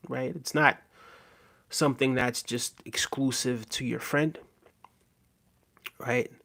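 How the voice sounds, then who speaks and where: A man's voice: mid-range voice, a bit bright. Laid-back man chatting with his viewers. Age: adult with a daughter. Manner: laid-back, chats to viewers, often tags "right?". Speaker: livestream host reading viewer comments. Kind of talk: casual livestream chat.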